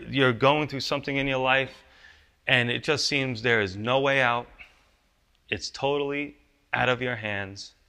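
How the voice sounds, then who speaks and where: Male pastor, sermon, tense bright tone, chatty rhetorical questions. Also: medium pitch. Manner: conversational preaching with rhetorical questions.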